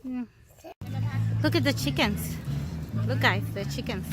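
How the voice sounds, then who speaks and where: A mother vlogging outdoors at a farm, talking slowly to her toddler in coaxing baby talk and making animal sounds. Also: on the high side, over music. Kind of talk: casual vlog narration while talking to a toddler. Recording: noisy outdoor camera audio. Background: outdoor noise and animals.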